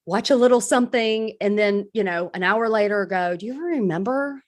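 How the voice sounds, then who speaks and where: A woman's voice: medium pitch, moderate pace. A woman speaking in a candid, self-deprecating way, giving a casual recovery talk on a live stream as a crisis support speaker.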